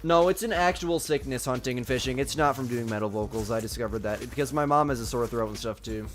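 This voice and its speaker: A man's voice: medium pitch, fast talker, faint music behind. A young man chatting casually on a live gaming stream, reading chat and talking through a nagging cough. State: sick with a cough.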